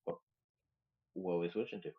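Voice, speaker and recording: A sick man with a scratchy, hoarse voice, rambling playfully in casual chat on a stream. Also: sits low, huge pitch swings, a little fast, phone-quality sound. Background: game music.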